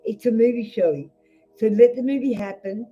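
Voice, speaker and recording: A blunt Australian woman doing a live card reading, her voice pitched a little high yet very warm and mellow. She swears freely and talks straight, and the sound is dull and lo-fi, with faint music behind her. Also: moderate pace. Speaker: tarot reader. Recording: dull lo-fi stream audio.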